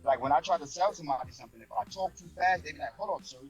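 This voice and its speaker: A man in a casual discussion who talks in a measured way, thinking aloud with plenty of fillers. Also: on the high side, highs cut off, soft background music. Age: younger than the other speakers.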